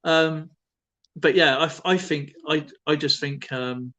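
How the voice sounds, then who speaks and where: Brief: male co-host, casual rambling chatter, fillers and restarts, voice sits slightly high. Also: fairly even intonation, slow pace, pushed and bright. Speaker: live stream co-host. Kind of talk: casual chat.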